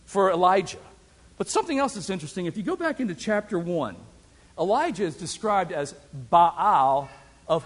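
A man preaches in a big hall, his high voice leaping and dropping with lively emphasis. Long reverb trails after each phrase. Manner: dramatic preaching with big swings in pitch and loudness. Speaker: pastor. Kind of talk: sermon.

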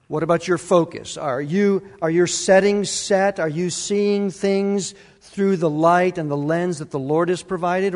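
A male pastor preaching a sermon, emphatic and repetitive, putting questions to the congregation. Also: on the high side. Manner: emphatic, repeats key words, asks the congregation questions. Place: church sanctuary. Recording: long reverb of a church hall.

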